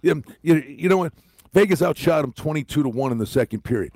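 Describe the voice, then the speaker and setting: A man's voice: fairly high pitch, quick pace, no room sound. A man co-hosting a sports radio show, giving firm opinions on hockey in casual talk. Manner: opinionated, animated when making a point.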